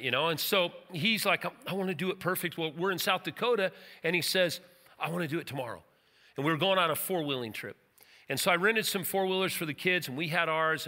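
A man's voice: fairly high pitch, sharp tone, big-room sound. A middle-aged man preaching as pastor of his church, folksy and joking, with emphatic turns. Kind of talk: sermon. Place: church sanctuary.

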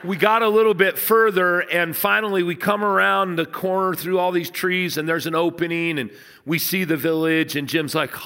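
A man preaching a sermon, telling stories in a conversational way and dropping low and soft to stress points. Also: steady tone, normal speed, clear, resonant tone, big-room sound. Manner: storytelling, conversational, dips low and soft for emphasis. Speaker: pastor.

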